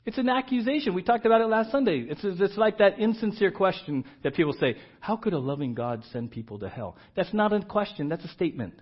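A male pastor preaching a sermon, moving between loud emphatic repeats and hushed asides. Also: sits high, animated, a little fast, hardly any pauses, husky. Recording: dull lo-fi church recording.

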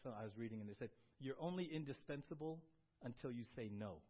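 A man preaching a sermon as pastor, shifting between quiet confession and loud, urgent exhortation. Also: mid-range voice, animated, fast, highs cut off.

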